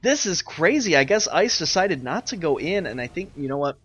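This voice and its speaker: A young man casting a live online strategy game, ranting and exasperated, swinging between loud outbursts and muttered asides. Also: fairly high pitch, lively intonation, brisk, slightly rough, no room sound, lo-fi sound. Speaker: game caster and streamer.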